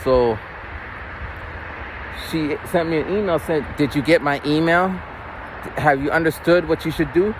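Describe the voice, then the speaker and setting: A man who works as a teacher, telling stories in a casual chat while walking outdoors, mimicking other people's voices with big jumps in pitch. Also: a little slow, pauses often, background noise. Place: outdoors on a street. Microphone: phone camera held while walking.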